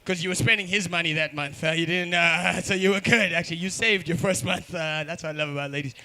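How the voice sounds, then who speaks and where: Man, comedy host, high bright voice, rowdy crowd work on a bar stage. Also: fairly even intonation, fast talker, dry recording. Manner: loud, swearing, teasing the crowd.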